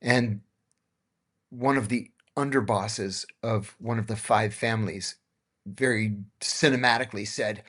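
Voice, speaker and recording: A man's voice: on the low side, fairly even intonation, measured pace, fairly bright tone. A middle-aged man hosting a podcast, telling anecdotes in a casual way and acting out the dialogue. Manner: anecdotal, acts out dialogue in his tales. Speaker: podcast host.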